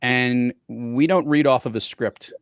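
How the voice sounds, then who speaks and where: A man hosting a podcast in casual chat and telling anecdotes in a lively way. He is a professional speaker. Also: mid-range voice, measured pace, clear, resonant tone, no echo, clean studio sound. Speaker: podcast host.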